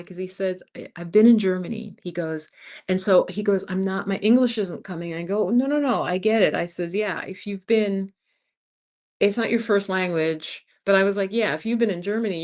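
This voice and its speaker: A woman's voice: mid-range voice, a little mellow. A woman, hosting her own channel and telling a long, rambling story in a casual livestream chat. She is tired from a sleepless night, laughs often and acts out the lines of the people she quotes. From United States. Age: 50s. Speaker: channel host.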